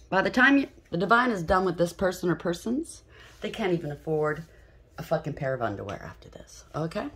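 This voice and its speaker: A woman's voice: fairly low pitch, expressive, fairly quick, a bit bright, breathy edge. A woman giving a casual tarot reading, blunt and profane, with emphatic repetition. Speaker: tarot reader.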